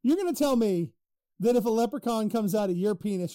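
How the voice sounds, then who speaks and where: A man's voice: high-pitched, lively intonation, brisk, dark tone, no room sound. A man co-hosting a podcast in casual, profane banter, arguing and laughing, close on the mic. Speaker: podcast co-host.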